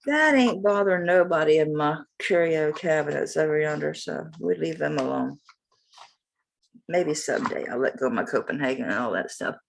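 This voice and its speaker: A woman's voice: low-pitched, animated, moderate pace, gravelly. A woman with a Southern accent, chatting in a folksy, rambling way as she sells jewelry in a casual home vlog. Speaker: jewelry seller. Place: home, morning light.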